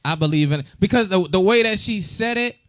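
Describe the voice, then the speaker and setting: A man's voice: sits high, brisk, no room sound, clean studio sound. A middle-aged man co-hosting a podcast, telling stories in a casual chat and acting out the voices of the people in them. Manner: animated storyteller, acts out dialogue, laughs often. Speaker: podcast co-host.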